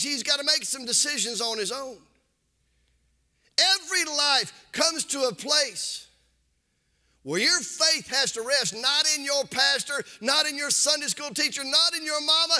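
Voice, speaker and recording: A man preaching a sermon as pastor, impassioned, with a sing-song cadence that rises into shouts and repeats words for emphasis. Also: very high voice.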